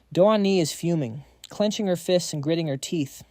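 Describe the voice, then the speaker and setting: A man reading a scripted comic recap with brisk, slangy storytelling. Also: a little high, a little mellow, no room sound, studio quality. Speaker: narrator.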